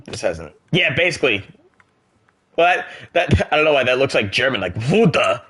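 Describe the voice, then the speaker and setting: A young American man streaming a game, joking, reacting out loud and chatting casually with his viewers. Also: medium pitch, very animated, brisk. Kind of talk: casual chat while gaming.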